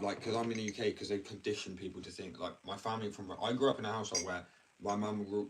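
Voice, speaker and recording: A young man from England ranting bluntly and ramblingly in a casual livestream, full of slang. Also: low voice. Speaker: live streamer. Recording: distant mic with faint background noise.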